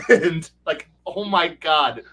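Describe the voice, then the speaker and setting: A game master telling table stories in casual chat, animated, laughing often and swearing as he rambles. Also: a little high, takes it slowly, recorded from a distance, rough recording. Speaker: game master, regular guest.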